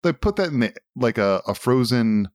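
A man's voice: medium pitch, very animated, normal speed, no echo, clean studio sound. A man co-hosting a casual talk show, rambling, swearing and enthusiastic. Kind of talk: casual chat.

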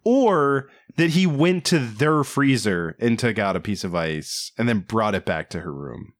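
A man co-hosting a casual movie review podcast, riffing with animated disbelief. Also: fairly low pitch, unhurried. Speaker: podcast co-host.

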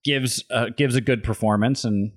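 This man co-hosts a podcast in relaxed chat, pitched mid-range. He talks in a measured, dry way and fills his pauses with ums and short hesitations. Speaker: podcast co-host. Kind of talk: casual chat.

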